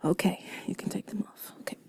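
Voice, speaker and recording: A woman's voice: a bit bright, no room sound, studio quality. A young woman in a whispered role-play, speaking intimately to a partner, giggly and self-deprecating. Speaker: audio role-play creator.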